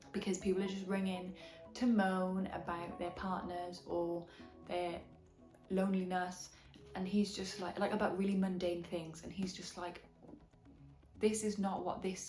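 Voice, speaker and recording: Welsh girl w/ a bit of midlands twang, chatty book vlog, echoey room, soft music behind. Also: medium pitch. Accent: Welsh, with a slight English Midlands twang. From Wales. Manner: chatty and enthusiastic, with frank opinions. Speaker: book vlogger. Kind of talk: casual book review.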